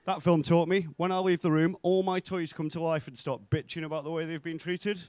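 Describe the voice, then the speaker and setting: On a club stage, a young North West English comedian voices the characters in his stories and lands his jokes deadpan. He speaks fairly quickly, his voice on the high side, with a clean tone and no room sound.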